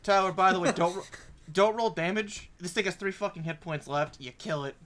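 A man running a tabletop game as game master, making brisk, profane, self-mocking rulings. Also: high voice, a bit bright.

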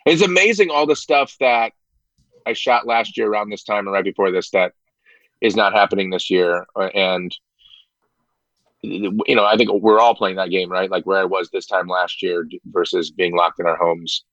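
A middle-aged man from Indiana, an actor guest chatting on a podcast, self-deprecating and halting, with many fillers and restarts. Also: low voice, a bit bright, no echo, muffled recording. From Indiana, United States. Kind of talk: casual podcast chat.

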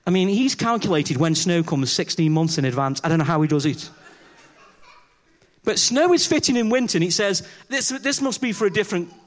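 A man delivers a chatty sermon to a church congregation, joking at his own expense. His voice sits high and swings widely as he acts out little scenes and quizzes the crowd. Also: expressive, fairly quick, hardly any pauses. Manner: chatty, self-deprecating, acts out dialogue with the congregation. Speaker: preacher. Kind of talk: conversational sermon with humorous stories.

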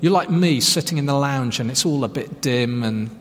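A man's voice: medium pitch, normal speed, big-room sound. A man preaching a sermon as pastor, telling stories in a conversational, self-deprecating way.

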